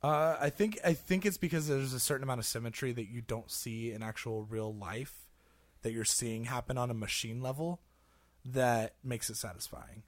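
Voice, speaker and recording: A man's voice: medium pitch, fairly even intonation, moderate pace, dry recording. A man hosting a gaming podcast in casual chat, rambling with lots of fillers and laughing often. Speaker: podcast host.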